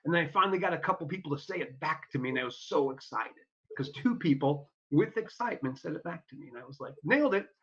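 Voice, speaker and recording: A man's voice: on the high side, lively intonation, quick pace, fairly bright tone, breathy edge. A man guesting on an interview show, telling stories in an earnest, upbeat way and acting out the people he quotes. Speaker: podcast guest. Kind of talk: casual storytelling interview. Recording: dull lo-fi audio.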